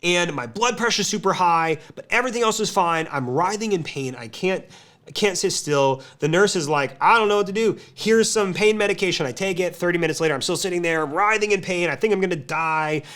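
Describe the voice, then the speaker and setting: A man hosting a podcast, telling a lively story to a live client community, with a speaking pace that quickens and slows. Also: a little high. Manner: animated storytelling, pace shifts. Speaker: podcast host.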